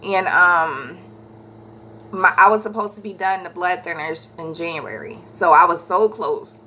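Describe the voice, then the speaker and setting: A woman in her thirties, a vlogger casually telling a personal story, animated and correcting herself as she goes. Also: on the low side, measured pace, a little hiss or hum. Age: 30s. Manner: animated, acts out quoted voices, corrects herself mid-story.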